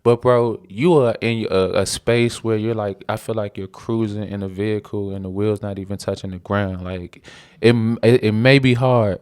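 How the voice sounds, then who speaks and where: Smooth, low-voiced effusive male guest. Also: fairly even intonation, normal speed, a little mellow. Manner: effusive, slangy, heartfelt. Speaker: podcast guest. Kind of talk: casual podcast interview.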